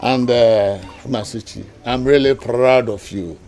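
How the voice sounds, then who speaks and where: A man's voice: mid-range voice, measured pace, a little mellow, close to an everyday voice. A man playing a pleased Nigerian uncle. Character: approving middle-aged uncle blessing a marriage.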